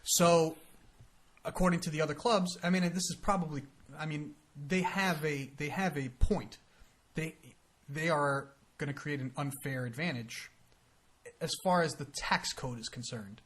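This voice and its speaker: A man with an American accent talks in loose, rambling podcast chat. His voice sits a bit high for a man. He slips into silly voices to act out what others said. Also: moderate pace, a bit bright. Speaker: podcast co-host. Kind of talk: casual chat.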